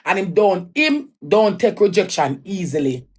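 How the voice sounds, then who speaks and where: A woman's voice: medium pitch, very animated, normal speed, slightly rough. A Jamaican woman telling an emotional personal story in a raw, emphatic way, often repeating her lines. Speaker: livestreamer.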